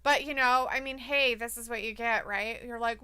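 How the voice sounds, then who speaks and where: A woman's voice: fairly high pitch, fairly even intonation, normal speed, pushed and bright, smooth. A woman co-hosting a live wrestling watch-along, laughing often and reading viewer comments aloud. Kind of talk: casual live reaction chat.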